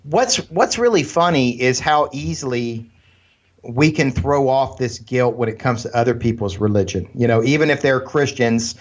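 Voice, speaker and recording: A man's voice: mid-range voice, lively intonation, normal speed. A man co-hosting a casual religious podcast, earnest and fond of long anecdotes full of "you know". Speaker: podcast co-host. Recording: slightly dull, lo-fi sound.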